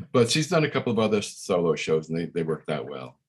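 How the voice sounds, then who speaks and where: A husky, somewhat low voice from an older man. He tells his stories in a loose, rambling way, full of fillers and restarts. He is a musician guest in a casual interview. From Brooklyn, New York. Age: 60s.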